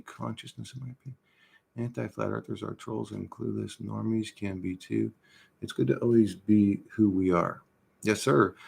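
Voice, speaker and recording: A middle-aged man chatting casually on a livestream, reading chat and telling stories in a rambling, profane way that swings between loud and quiet. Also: mid-range voice, vocal fry, husky.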